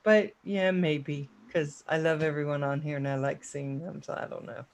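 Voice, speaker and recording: High-voiced chatty male host. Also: fairly even intonation, moderate pace, vocal fry. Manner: rambling, chatty, self-deprecating. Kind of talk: casual online chat show.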